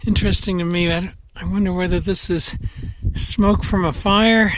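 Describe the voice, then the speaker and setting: A man's voice: high-pitched, fairly even intonation, a bit bright, a little hiss or hum. A man out of breath on a steep mountain trail, talking in short, panting bursts. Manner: panting, halting speech.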